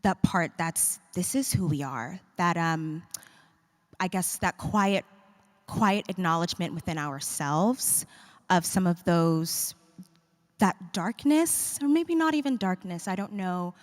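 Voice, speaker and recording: Audience woman, unhurried, friendly and hesitant questioner, hall reverb. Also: fairly low pitch. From North Carolina. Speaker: audience member.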